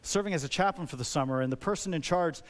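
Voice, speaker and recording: A fairly high-voiced man preaching a sermon. He speaks like a pastor in conversation with his congregation, tossing out rhetorical questions. His delivery is animated and personal. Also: fast.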